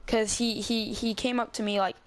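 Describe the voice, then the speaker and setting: A man's voice: sits high, little pitch movement, normal speed, a bit bright. A male YouTuber telling a storytime vlog in a rambling, casual way, full of restarts and swearing. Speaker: YouTube gamer channel host.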